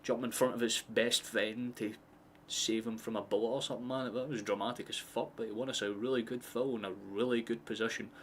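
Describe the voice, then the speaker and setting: A man with a Scottish accent giving casual, excitable live football commentary, swearing freely and drifting into chatty asides. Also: medium pitch, brisk, slight background noise. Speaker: streamer hosting a match watchalong.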